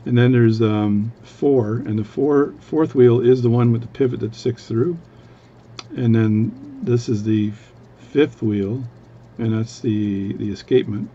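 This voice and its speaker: A man's voice: mid-range voice, measured pace, mellow, muffled recording, slight background noise. A man from Canada, a watchmaker, chatting casually at his workbench in a rambling, self-interrupting way. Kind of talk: casual chat.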